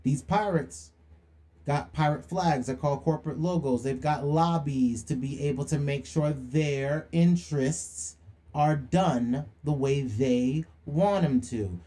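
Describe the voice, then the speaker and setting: Slow-paced, with a fairly high pitch and a dark tone, a young man hosts a livestream monologue. He preaches in slang, throws out rhetorical questions and calls people out.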